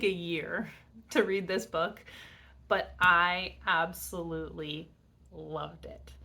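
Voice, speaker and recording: A woman's voice: medium pitch, a bit bright. A young adult woman reviewing books in a casual chat, bubbly and rambling with many fillers. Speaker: book vlogger.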